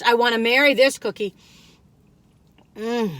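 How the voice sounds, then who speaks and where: Big pitch swings mark this woman's high, bright, forceful voice as she chats at a normal pace through a cookie tasting, no echo present. Between bites she hums and sings snippets, talking with her mouth full and savoring the sounds. She's a food reviewer in casual taste-test mode.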